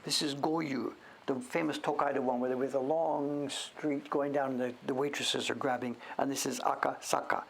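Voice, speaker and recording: Gravelly man, show-and-tell host, thinking aloud, faint background hiss. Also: mid-range voice, steady tone, moderate pace. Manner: muses aloud, sounding out names; drops to whispers now and then. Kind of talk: casual show-and-tell commentary.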